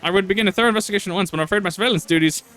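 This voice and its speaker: Guy doing a dramatic 1920s announcer-style game investigator, kinda high voice. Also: racing, sharp tone, soft background music. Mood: urgent. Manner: 1920s announcer delivery, theatrical. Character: dramatic male investigator, old-timey and grave. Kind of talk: reading game dialogue aloud.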